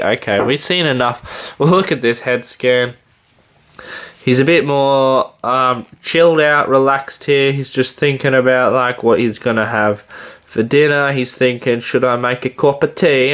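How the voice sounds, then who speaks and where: Brief: Australian male toy reviewer, mid-pitched, chatty and excitable, rambles. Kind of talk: casual figure review.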